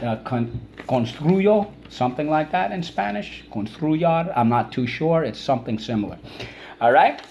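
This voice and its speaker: A male teacher leads a recorded children's vocabulary lesson, stretching each syllable and urging listeners to say the words with him. His pitch sits mid-range, and a faint hiss hangs under the recording. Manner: drawn-out syllables, coaxing repetition.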